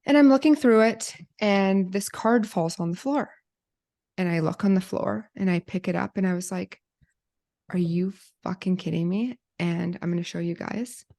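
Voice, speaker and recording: A woman podcast host telling an emotional personal story to viewers, animated and quoting herself, with some swearing. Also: medium pitch, moderate pace, vocal fry.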